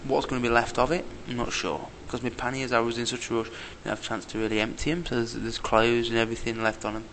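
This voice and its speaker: English guy venting in his video diary, gravelly voice, lots of noise behind. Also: medium pitch, flat delivery, fast, fairly bright tone. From England. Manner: angry ranting, swearing under breath. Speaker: vlogger. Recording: noisy outdoor camera audio.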